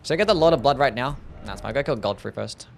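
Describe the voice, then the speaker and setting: A man's voice: mid-range voice, animated, fast talker, creaky, slight background noise. Joking Australian streamer guy. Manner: joking, swears freely, teases his chat. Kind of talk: casual gaming livestream chat.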